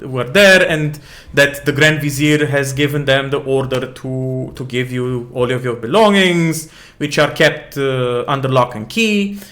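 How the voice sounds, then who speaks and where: A man's voice: mid-range voice, unhurried, hardly any pauses, fairly bright tone. A man narrating as game master in a casual, rambling way, often stammering and repeating words. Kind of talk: improvised tabletop narration.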